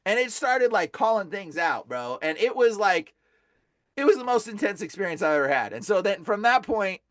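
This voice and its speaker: A man with a fairly high voice tells a dramatic story as a podcast guest. He talks excitedly and casually, leaning on "like" and "bro". The sound is close and dry. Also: moderate pace, dry recording. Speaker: podcast guest, deliverance minister. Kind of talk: animated storytelling.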